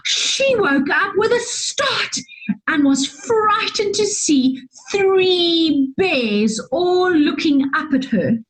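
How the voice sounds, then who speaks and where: A woman reading a children's story aloud, expressive and drawn out, with gasps and sighs. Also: extremely high pitch, low-quality recording. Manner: slow and animated, with gasps and sighs.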